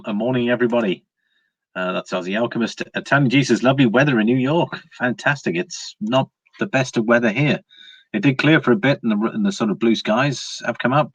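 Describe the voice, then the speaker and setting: A man's voice: medium pitch, fairly bright tone, slightly rough, dry recording. A man hosting a casual live stream, chatting easily and reading viewer comments aloud. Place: indoors at home, evening.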